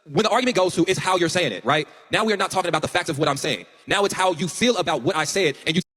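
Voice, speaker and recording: A podcast host man speaks very fast and earnestly in a high voice. The room around him leaves a long reverberant tail. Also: fairly bright tone. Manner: earnest, explaining at length. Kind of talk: podcast discussion.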